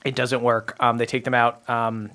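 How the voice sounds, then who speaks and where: Bright-voiced man running a tabletop game. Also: medium pitch, level tone, moderate pace. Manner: casual, filler-heavy, laughing often. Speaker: game master.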